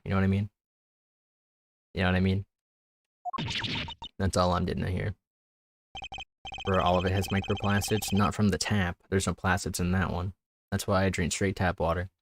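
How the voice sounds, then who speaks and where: A man's voice: low voice, level tone, normal speed, long pauses, background noise. A young man chatting casually while streaming a game, rambling, laughing often and tripping over his words. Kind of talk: casual gameplay commentary. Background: background music.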